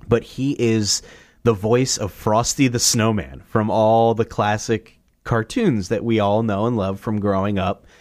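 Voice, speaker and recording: A man hosting his own podcast, running through movie recommendations in a loose, rambling, jokey way, swearing freely and often jumping into excited, higher asides. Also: no room sound, studio quality. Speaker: podcast host. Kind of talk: casual solo movie review.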